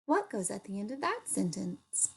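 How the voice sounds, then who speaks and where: A woman teaching an early reading lesson, speaking slowly and sounding out words for young children. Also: medium pitch, very animated, vocal fry, husky.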